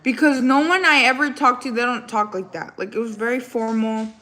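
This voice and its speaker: A woman's voice: a little high, steady tone, a little fast, pushed and bright. A young woman hosting a casual livestream, chatting and rambling through a story with lots of fillers. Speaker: livestream host.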